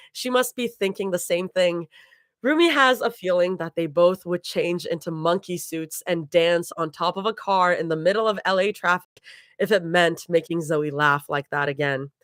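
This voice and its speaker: A woman's voice: fairly low pitch, dry recording. Woman reading fan fiction live, dry sound. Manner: laughs and stumbles over hard words.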